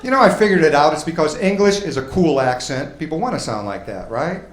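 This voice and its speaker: A male stand-up comedian from the United States, teasing the audience with a wry, deadpan delivery on a club stage with a handheld mic. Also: a little high, fairly quick. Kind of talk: stand-up comedy with crowd work. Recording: echoey club with crowd laughter and noise.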